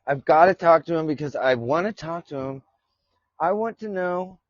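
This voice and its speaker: A man rambling through a casual live podcast, profane and quick to laugh. His voice sits a little high and sounds dry and close. The audio is dull and lo-fi. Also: animated, no room sound. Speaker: podcast host. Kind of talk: casual live-stream chat.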